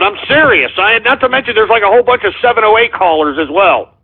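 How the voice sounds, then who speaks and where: A man's voice: very high-pitched, animated, fast talker, vocal fry, breathy edge. A man hosting a call-in radio show who swears a lot and rants in exasperation. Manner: profane, exasperated ranting. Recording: tinny phone-like audio.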